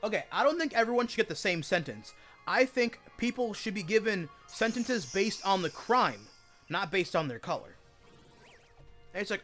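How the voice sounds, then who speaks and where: A man with a high-pitched voice rants during a gaming stream. He talks casually, packs his speech with fillers, and swears as he gets heated. Faint music plays behind him. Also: expressive, normal speed, fairly bright tone. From United States. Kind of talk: casual rant while gaming.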